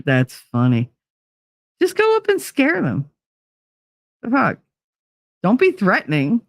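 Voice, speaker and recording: A woman's voice: on the high side, wildly swooping pitch, slow, pauses often, no room sound, studio quality. A woman hosting a livestream talk show, chatting casually and reading viewer comments, blunt, swearing freely and laughing easily.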